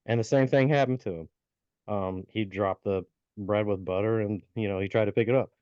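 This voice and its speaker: This co-host's voice sits on the low side, mellow and clean, a little fast, with no room sound. He chats his way through a folk tale with plenty of fillers and false starts, though the podcast audio itself is dull and lo-fi.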